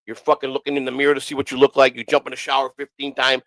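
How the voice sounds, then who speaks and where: A man's voice: medium pitch, monotone, rapid-fire, fairly bright tone, dry recording, rough recording. A man casually telling rambling, profanity-heavy stories on a streamed talk show, often repeating himself. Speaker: podcast host. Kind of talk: casual storytelling.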